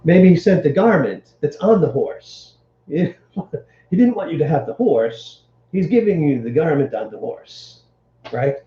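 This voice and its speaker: A man's voice: fairly high pitch, expressive, measured pace, echoey room, highs cut off. A man teaching Hebrew grammar to a live stream, explaining step by step and checking in with his listeners. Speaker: Bible teacher.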